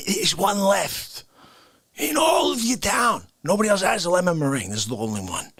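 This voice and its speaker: Animated man ranting, shouting and whispering. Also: high-pitched, moderate pace, breathy edge. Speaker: livestream comedy host. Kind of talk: unscripted comedic rant.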